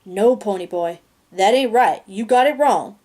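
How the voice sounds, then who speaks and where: A woman's voice: medium pitch, measured pace, darkish tone, natural voice. A blunt, streetwise teenage greaser boy who is tough on the outside and good-natured underneath, with a woman reading the part. The reading stays close to the narrator's own voice, storybook style. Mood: gruff.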